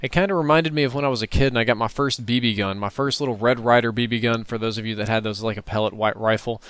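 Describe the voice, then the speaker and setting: A man's voice: mid-range voice, steady tone, fast, a bit bright, no room sound. A man from the United States talking casually through his own gameplay footage in a rambling, wry commentary. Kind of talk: recorded gameplay commentary voice-over.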